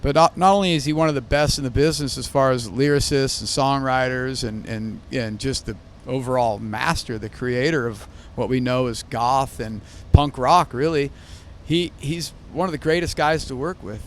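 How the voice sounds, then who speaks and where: A man, a bass player, talking in a casual backstage interview, enthusiastic and rambling with restarts. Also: moderate pace, a little hiss or hum. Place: backstage at a concert venue.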